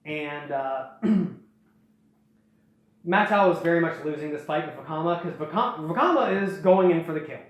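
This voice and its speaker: A woman's voice: sits low, expressive, normal speed. A woman host casually retelling a story in a rambling, jokey way with many fillers and restarts. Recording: very echoey room.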